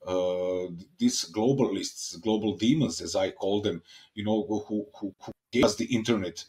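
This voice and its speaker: Guy hosting a podcast in english, fired up, swears, keeps restarting, lowish voice. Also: moderate pace. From Serbia. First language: Serbian. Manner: excitable, swears, repeats words and restarts often. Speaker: podcast host. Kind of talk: casual interview chat.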